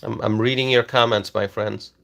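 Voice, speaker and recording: A man's voice: lowish voice, steady tone, moderate pace, creaky, a bit bright. A man hosting a political livestream, talking insistently with many fillers and repeated phrases, then reading chat comments aloud.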